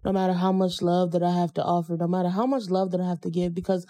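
A woman's voice: fairly low pitch, fast talker, dry recording. A young adult woman hosting a podcast in a casual chat, telling stories bluntly with lots of slang. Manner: blunt, slangy, animated storytelling. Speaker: podcast host.

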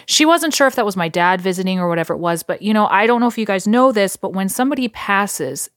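A woman's voice: mid-range voice, expressive, quick pace, no echo, studio quality. A woman hosting a podcast, casually telling a ghost story in a rambling way with lots of fillers and restarts. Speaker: podcast host.

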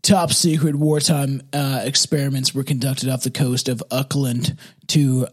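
A man's voice: mid-range voice, flat delivery, unhurried, husky. A man co-hosting a casual podcast, reading an article aloud with many fillers and restarts while drinking scotch. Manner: stumbling reader, frequent restarts and fillers. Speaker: podcast co-host.

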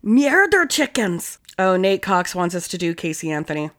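A woman's voice: lowish voice, steady tone, a little fast. A woman hosting a casual chat, blunt and swearing constantly. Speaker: podcast host.

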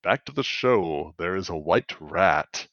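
A man's voice: low voice, lively intonation, unhurried, a bit bright, no room sound, lo-fi sound. A man co-hosting a casual podcast, chatty and laughing a lot, swearing offhand. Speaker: podcast co-host. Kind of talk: casual recap chat.

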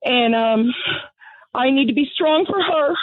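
A woman's voice: high voice, a little slow, no room sound. A middle-aged woman calling in to a radio show, angry and blunt, out of breath from pacing. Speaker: caller. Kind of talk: call-in radio conversation. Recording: tinny phone line.

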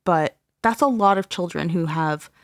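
A woman co-hosting a true-crime podcast in casual chat, animated, laughing often and swearing freely. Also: fairly low pitch, normal speed, dry recording, studio quality. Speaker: podcast co-host.

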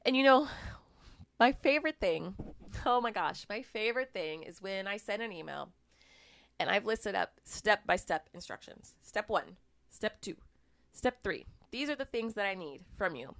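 A woman talking casually about clear communication, acting out little exchanges and laughing now and then. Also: medium pitch, normal speed, no echo. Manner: animated, acts out little dialogues, laughs between points. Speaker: speaker giving communication advice. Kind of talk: casual talk to the listener.

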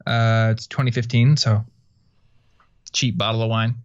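A man's voice: lowish voice, flat delivery, a little slow, clean tone, dull audio. A man hosting a podcast, chatting casually and rambling with lots of fillers. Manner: laid-back, rambling with many fillers and laughs. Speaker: podcast host. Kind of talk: casual chat.

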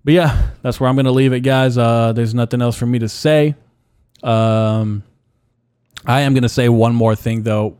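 Young man, low voice, dry close sound, casual swearing rant, repeats himself. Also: a little mellow, smooth, dry recording. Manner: blunt, profane, repeats himself. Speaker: podcast host. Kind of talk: casual solo podcast rant.

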